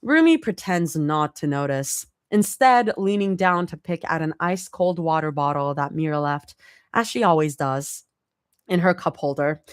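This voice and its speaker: A woman's voice: low-pitched, lively intonation, normal speed, smooth, no echo, studio quality. A young woman reading fanfiction aloud live, casual and reacting as she goes. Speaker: fanfic reader.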